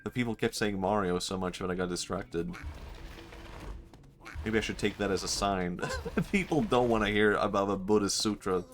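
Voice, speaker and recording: A streamer chatting casually while gaming, musing aloud, laughing often and mocking himself. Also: male voice, on the low side, moderate pace, faint music behind. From Sweden. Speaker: livestreamer.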